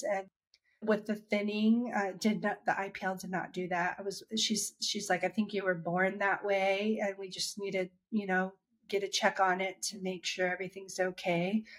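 A woman chatting about her own experience, talking freely with restarts and quoting herself and others as she goes. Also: mid-range voice. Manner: chatty, with many restarts and acted-out quotes. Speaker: interviewee sharing her dry eye story. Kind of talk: casual conversational storytelling.

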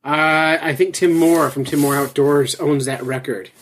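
A man's voice: on the high side, fairly even intonation, measured pace, fairly bright tone, slight background noise. A man from New Jersey co-hosting a podcast, chatting casually and joking often. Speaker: podcast co-host. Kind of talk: casual chat.

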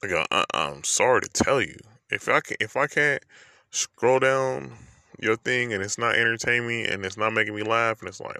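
Deep gravelly man ranting casually. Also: lively intonation, normal speed, sharp tone, dry recording. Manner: loose, slangy, rambling with many fillers. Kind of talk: casual opinion monologue.

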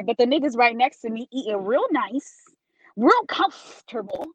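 A young woman blogger tells a story in casual podcast chat. Her voice is fairly high and swings widely in pitch. The sound is dry and close, and her tone is exasperated. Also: very animated, moderate pace, breathy edge, no echo, lo-fi sound.

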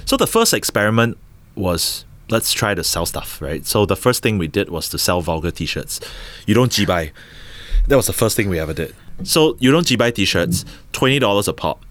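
A low-pitched Singaporean man in his thirties, speaking in an English full of local color. He tells his story with a lively, swinging voice and acts out every quote. He keeps checking in with his listener with a quick "right?". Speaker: podcast guest, entrepreneur. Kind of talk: casual storytelling interview.

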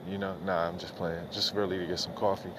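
A middle-aged man with a lowish voice rambles through a solo podcast. He talks loose and profane, drifting between thoughts and poking fun at himself. A faint hiss of noise sits behind him. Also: little pitch movement, fast talker, a bit bright. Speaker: podcast host. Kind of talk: casual rambling monologue.

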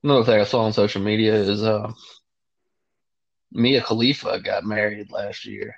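A man's voice: on the low side, steady tone, moderate pace, creaky. A young man co-hosting a casual podcast, laid-back and crude, saying "dude" a lot. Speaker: podcast co-host. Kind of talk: casual chat. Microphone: remote call line. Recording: slightly dull lo-fi audio.

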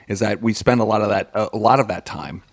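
A man co-hosting a podcast in casual chat, animated and quick to laugh. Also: fairly low pitch, husky, dry recording. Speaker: podcast co-host.

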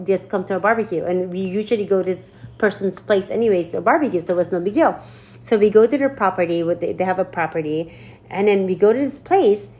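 A woman's voice: medium pitch, a little mellow. Upbeat woman telling a rambling story. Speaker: podcast co-host. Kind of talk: casual chat.

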